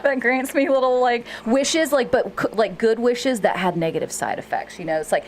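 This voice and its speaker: A woman's voice: a little high, moderate pace, a little hiss or hum. A woman comedian as a podcast guest, rambling through jokey banter and laughing a lot.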